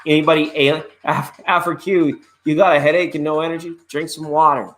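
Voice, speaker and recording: A man's voice: on the high side, brisk, few pauses, a bit bright, faint music behind. A man hosting a live online tarot reading, chatting in a laid-back, rambling way and greeting viewers by name. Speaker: tarot reader and live show host.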